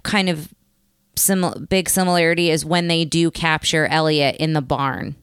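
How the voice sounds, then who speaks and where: A woman's voice: deep voice, steady tone, moderate pace, fairly bright tone, smooth, no room sound, clean studio sound. A woman co-hosting a podcast, chatting casually about a movie, steering the talk and finishing her partner's points. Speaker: podcast co-host.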